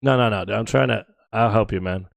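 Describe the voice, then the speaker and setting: Gravelly American man streaming a car-soccer game. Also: no room sound. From United States. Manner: joking, bantering, quick swings between loud excitement and low mumbling. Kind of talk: casual gaming chat with viewers.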